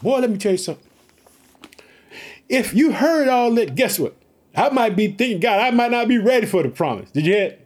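A man delivers a lively, fired-up sermon in a high voice, frequently calling out to the crowd and repeating catchphrases. His delivery is brisk, broken up by long pauses.

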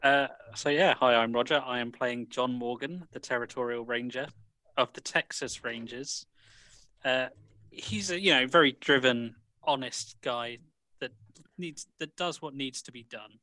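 A man introducing his tabletop character in a hesitant, halting way. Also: mid-range voice, pushed and bright. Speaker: player.

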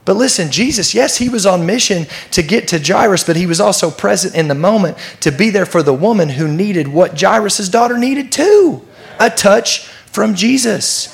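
A man preaching a sermon, his voice gravelly and a touch higher than most men's. He talks in a conversational way, stresses key phrases and often turns questions to the listeners. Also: expressive, moderate pace. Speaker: pastor.

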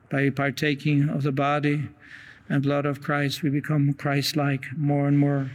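A male preacher delivering a sermon in an earnest, measured way. His voice sits a little high for a man and stays almost completely flat in pitch. He pauses often and sometimes restarts a phrase. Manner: earnest, reads quotations aloud with pauses and restarts.

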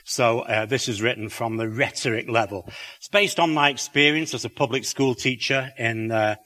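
A man's voice: medium pitch, normal speed, sharp tone, big-room sound. A middle-aged man with a British accent and a slight lisp, giving a chatty talk to an audience with wry asides and many fillers. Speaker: creationist speaker.

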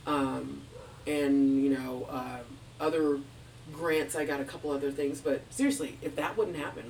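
A middle-aged woman running her own music studio, telling stories with lively acted-out quotes and frequent laughter. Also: rumbling low, unhurried, far from the mic, a little hiss or hum, rough recording. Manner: animated storyteller, acts out quotes, laughs often. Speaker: music studio owner, guest. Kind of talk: casual interview conversation.

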